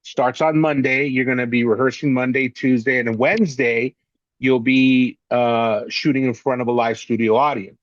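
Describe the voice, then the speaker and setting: A man being interviewed, telling long anecdotes in a casual, animated way and acting out the voices of the people he quotes. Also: mid-range voice, normal speed, muffled recording. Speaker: actor and interview guest.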